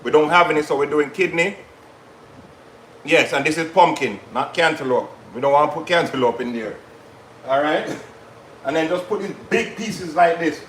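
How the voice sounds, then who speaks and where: Man, live cooking host, fairly high voice, echoey kitchen, chatty asides. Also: moderate pace, a bit bright, slight background noise. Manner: chatty, patois-tinged asides to viewers. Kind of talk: live cooking stream chat.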